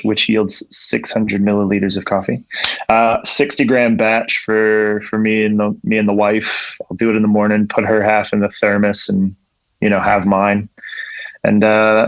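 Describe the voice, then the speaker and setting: A young man chatting on a podcast, his lowish voice full of gravelly fry. He rambles and swears freely, stacking up "like" between thoughts. The recording sounds dull and lo-fi, with a close, dry feel. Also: no room sound. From Ontario, Canada. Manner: laid-back, rambling, swears freely, lots of "like". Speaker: podcast guest, coffee professional. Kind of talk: casual chat.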